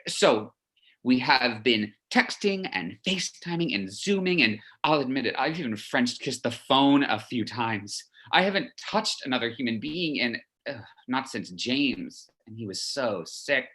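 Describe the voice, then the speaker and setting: A man plays a chatty, lovesick son in lockdown who gushes and rambles through a message to his mother. His voice is bright and lively, and his pitch leaps high and drops low. It is a theatrical monologue. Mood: confiding. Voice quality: gushing, rambling, quick to confess.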